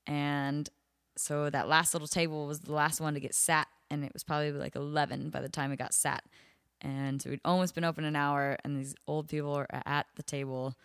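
A young woman talks in a low, smooth, resonant voice, spilling work stories in loose casual chat. Her speech is peppered with "like" and easy swearing, recorded close and dry. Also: little pitch movement, brisk, fairly bright tone, no echo. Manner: chatty, frequent "like" fillers, swears freely. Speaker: bottle service waitress, podcast guest.

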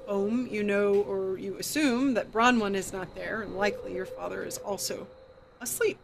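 A woman's voice: mid-range voice, background noise. Woman narrating a tabletop game. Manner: easy, conversational, with fillers. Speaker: game master.

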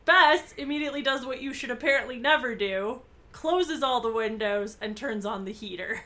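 A woman co-hosting a casual podcast, retelling a book's story and acting out its quoted lines with lively emphasis. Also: a little high, normal speed. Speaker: podcast co-host. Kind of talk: casual book recap with commentary.

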